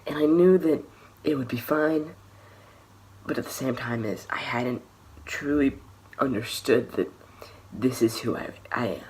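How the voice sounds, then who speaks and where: A young man vlogging a personal story to the camera, candid and hesitant, often restarting and trailing off into softer phrases. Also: mid-range voice, unhurried, pauses often, a little hiss or hum.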